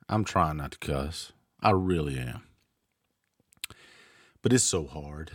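A man with a fairly low voice hosts his own show, ranting and cursing freely. The sound is dry and close, with no room echo. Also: big pitch swings, takes it slowly, long pauses, breathy edge. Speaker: show host. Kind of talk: political commentary monologue. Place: home.

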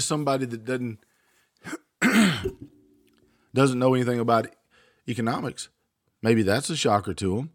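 A man's voice: mid-range voice, big pitch swings, a little slow, pauses often, no room sound, clean studio sound. A man hosting his own show, delivering an angry political rant with frequent swearing. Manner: ranting, swears freely. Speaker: show host. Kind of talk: political commentary monologue. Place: home.

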